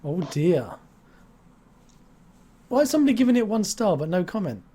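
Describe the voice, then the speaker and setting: A man's voice: high voice, sing-song, normal speed, dark tone, slightly rough. A man hosting a live-stream interview, chatty and jokey, rambling from topic to topic. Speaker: stream host.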